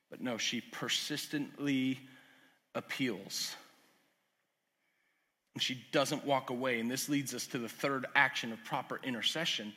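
Male preacher with a ringing hall echo. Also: normal speed. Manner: swings from loud urgent emphasis to quiet lowered asides. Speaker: pastor. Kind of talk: sermon. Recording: long hall reverb.

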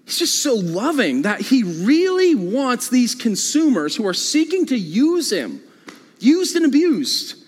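A male pastor preaching a sermon in a church, with animated delivery and frequent repeated phrases. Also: very high-pitched, a little slow, breathy edge, in a large hall. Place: church sanctuary.

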